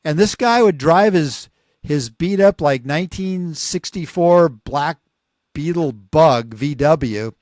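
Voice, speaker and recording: A man in his sixties, a podcast co-host telling a long story casually, rambling and animated, acting out what people said. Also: a little high, slow pace, no echo, clean studio sound. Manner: rambling, animated, acts out quoted voices.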